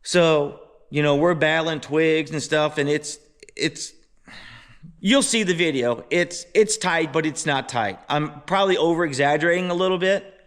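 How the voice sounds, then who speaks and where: Man, high voice, casual storytelling, animated, exasperated. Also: normal speed. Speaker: motorbike vlogger.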